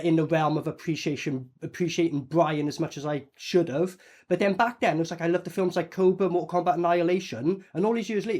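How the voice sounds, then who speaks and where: An excitable man chats through a film as he reviews it. His pitch jumps around a lot and his swearing comes easily. He sounds loose and casual. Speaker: movie reviewer. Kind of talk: casual movie reaction commentary.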